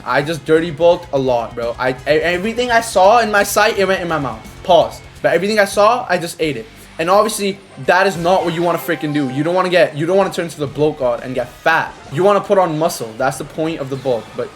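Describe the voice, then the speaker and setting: A teenage man talks fast and a little high, rambling in slang while he plays, often breaking into loud excited outbursts. Faint music runs underneath his voice. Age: teens. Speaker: gaming creator. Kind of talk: casual chat over gameplay.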